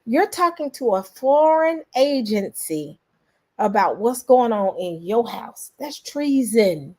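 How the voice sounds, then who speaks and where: A woman, a vlogger giving lively reaction commentary and talking straight to her viewers. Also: on the high side, slow pace. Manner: animated, exclaiming, addresses viewers as y'all.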